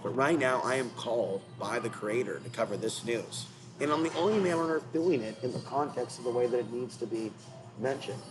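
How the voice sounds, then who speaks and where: A man's voice: medium pitch, lively intonation, brisk, music in the background, poor audio. A man hosting his own channel, ranting in an agitated, repetitive, confrontational way, apparently while in a car. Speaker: channel host. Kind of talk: rambling commentary rant.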